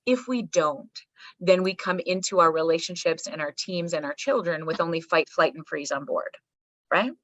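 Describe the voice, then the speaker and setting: A woman's voice: on the low side, normal speed, highs cut off. A woman psychologist guest talking emphatically on a podcast, swearing casually and checking in with "right?" and "okay". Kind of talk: energetic podcast conversation.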